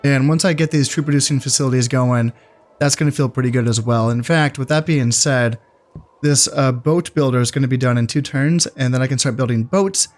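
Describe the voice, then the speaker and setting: A man casually commentating his strategy game, thinking aloud in a relaxed, musing way with fillers. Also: mid-range voice, fairly quick. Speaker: gameplay commentator. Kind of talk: casual let's-play commentary.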